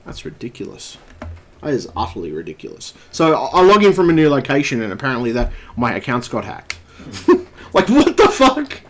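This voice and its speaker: A man's voice: medium pitch, wildly swooping pitch, fairly quick, a little hiss or hum. A man live streaming at his computer, ranting angrily and swearing constantly. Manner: angry, profane ranting.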